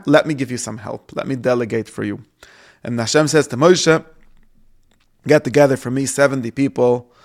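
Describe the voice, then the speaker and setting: A man giving a casual Torah lesson, paraphrasing the verses and acting out the quoted speakers in a lively way. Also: creaky. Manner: lively, acts out the quoted speakers with rising pitch. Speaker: Torah teacher.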